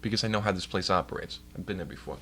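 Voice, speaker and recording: Low-voiced young man ranting profanely. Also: very fast, bright, forceful tone, breathy edge. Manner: profane, complaining, storytelling. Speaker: live streamer. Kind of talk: casual rambling rant to a stream chat. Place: at home by his computer.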